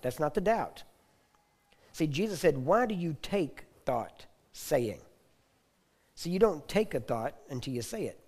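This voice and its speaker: A man teaching a sermon, often checking in with his listeners and clearing his throat now and then. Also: fairly high pitch, a little mellow. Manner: repetitive, asks the audience for agreement. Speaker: preacher.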